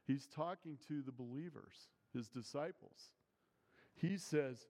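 A man's voice: medium pitch, takes it slowly, creaky, warm tone. A man preaching a sermon as pastor, earnest and emphatic, opening with prayer and pressing key phrases hard. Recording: long hall reverb.

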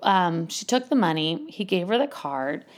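A woman's voice: on the low side, very animated, normal speed. A woman who works with children, telling a story casually and animatedly, acting out voices and laughing often.

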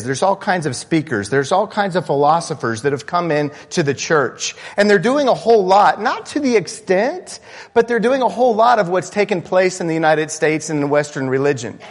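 A man's voice: sits high, long reverb tail. A man preaching a sermon as pastor, talking conversationally to his congregation and building to impassioned peaks. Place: church sanctuary.

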